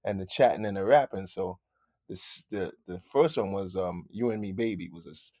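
A London-raised man in his fifties speaks with a fairly low voice and a light London accent. He tells stories in an easy, laughing way and acts out other people's lines. The sound is dry and close. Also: normal speed, dark tone, dry recording. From London, England. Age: 50s. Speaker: musician guest. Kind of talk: casual interview storytelling.

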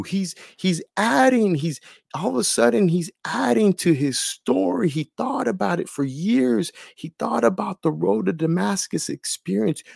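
A man's voice: high-pitched, expressive, measured pace, gravelly, a little mellow, husky, no echo, studio quality. An older man, a pastor, preaching a sermon with stammered repeats and retelling scripture in the first person.

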